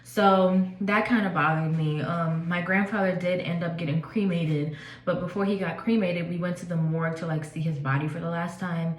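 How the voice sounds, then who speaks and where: A young woman in her twenties tells a personal story in a relaxed, rambling vlog style. Her voice sits a bit low. The room gives it a noticeable echo. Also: moderate pace. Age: 20s. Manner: casual, chatty, many fillers. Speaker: vlogger. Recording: echoey room.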